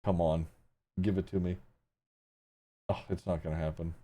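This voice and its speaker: A young man streaming live, chatting casually as he reacts to videos, laughing, swearing and thinking out loud. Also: low-pitched, level tone, normal speed, dry recording.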